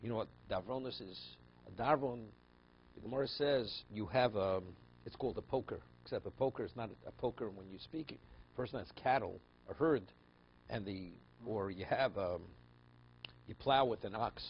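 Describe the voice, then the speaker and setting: A rabbi with a fairly low voice teaches at a moderate pace, explaining a text phrase by phrase and weaving in stories conversationally, with frequent restarts. The class recording is dull and lo-fi, with slight background noise.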